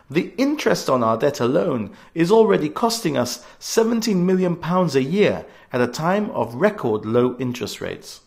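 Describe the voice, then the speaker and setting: A man's voice: on the high side, sing-song, normal speed, gravelly, hardly any pauses. A man of about forty, giving a scripted political radio address in an earnest, emphatic way, leaning hard on key words. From Gibraltar.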